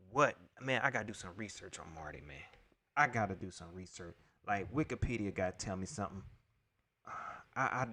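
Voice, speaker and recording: This livestream host talks alone in a casual stream, rambling and exasperated as he vents about sports to his viewers. He addresses them directly and says the same things more than once, in a mid-range, slightly bright voice.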